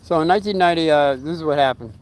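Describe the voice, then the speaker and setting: Speaking very fast in a fairly high voice, a middle-aged man vlogs casually from home, spinning a long story full of fillers and false starts. He briefly imitates the people in the tale, and a faint hiss or hum runs underneath.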